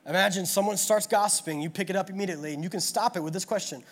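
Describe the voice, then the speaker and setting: Fairly quick and sitting high in pitch, this man's voice carries a church sermon. As a pastor, he preaches earnestly and repetitively, leaning on rhetorical questions.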